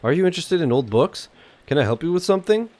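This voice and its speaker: A man's voice: a little high, big pitch swings, darkish tone, pitched above the performer's own voice. A man doing a polite old bookseller. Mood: courteous. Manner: polite, unhurried, old-fashioned phrasing. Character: elderly mustached male bookseller, courteous.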